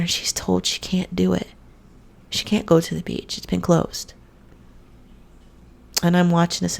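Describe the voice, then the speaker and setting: A woman's voice: fairly low pitch, vocal fry, darkish tone. A woman hosting a podcast, telling a story in a blunt, profane, conversational way. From United States. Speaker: podcast host. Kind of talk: casual monologue.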